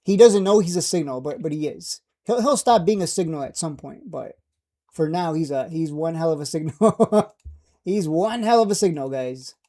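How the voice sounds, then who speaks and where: A man's voice: fairly high pitch, moderate pace, mellow. A man streaming casual stock market commentary, brash and joking, often laughing at his own jabs.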